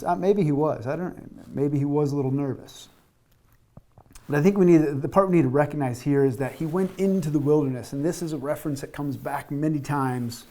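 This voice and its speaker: A man's voice: on the high side, mellow. A man giving a conversational sermon, often repeating words as he restarts and acting out the quotes he tells. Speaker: preacher.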